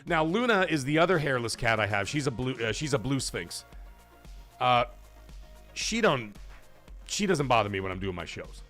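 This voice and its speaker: A man's voice: mid-range voice, very animated, normal speed, pauses often, a bit bright, soft background music. Chatty man hosting a live stream. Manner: rambling, chatty, reads out chat comments. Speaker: livestream podcast host. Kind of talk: casual live-stream chat. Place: home.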